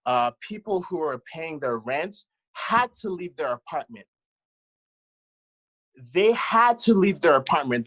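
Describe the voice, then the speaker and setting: A man speaks on a discussion panel, recounting his own experience. He is blunt and impassioned and swears freely, and his voice sits somewhat higher than most men's. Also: fairly bright tone, rough recording. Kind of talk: panel discussion, personal account.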